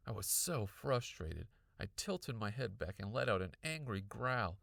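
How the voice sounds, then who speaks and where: Casting: male audiobook narrator, lively storybook reading, gravelly low voice, bright tone. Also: a little slow, hardly any pauses, no room sound, clean studio sound. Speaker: audiobook reader.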